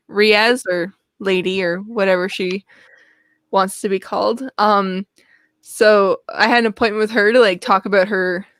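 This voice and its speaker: A woman's voice: medium pitch, a bit bright, dry recording. A woman chatting casually on a writing livestream video call, talking into a close desk mic and laughing often at herself. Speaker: livestream co-host. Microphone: desk microphone close up.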